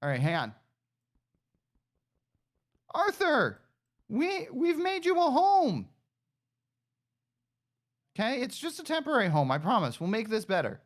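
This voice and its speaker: A woman giving casual gameplay commentary, excitable, talking to herself and coaxing a pet along. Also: on the high side, a little slow, long pauses. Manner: animated, talks to herself and coaxes a pet pig; excitable shouts and cheers. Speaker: gaming streamer.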